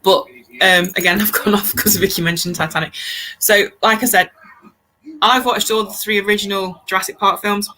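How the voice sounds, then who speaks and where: Woman host, thirties, bright and punchy, rambling chatty storyteller who laughs a lot. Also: mid-range voice, steady tone, moderate pace, poor audio. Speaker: podcast host. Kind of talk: casual chat.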